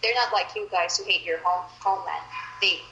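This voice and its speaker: A young woman from Manila with a Filipino accent talks casually and chattily, stringing thoughts together with plenty of fillers. Her voice is bright and clear. She sounds like she is in a roomy, echoing space with a faint hiss behind her. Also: lowish voice, fairly quick. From Philippines, Manila. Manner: chatty, loose, with frequent fillers. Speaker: conversation partner. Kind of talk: casual chat. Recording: roomy echo.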